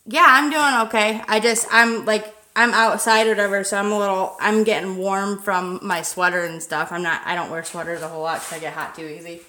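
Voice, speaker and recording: Bright, rambling woman streaming outdoors. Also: medium pitch, fairly even intonation, fairly quick, few pauses, roomy sound. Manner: rambling and chatty, swears freely, greets viewers. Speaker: paranormal livestream host. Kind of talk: casual livestream chat. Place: outdoors at night.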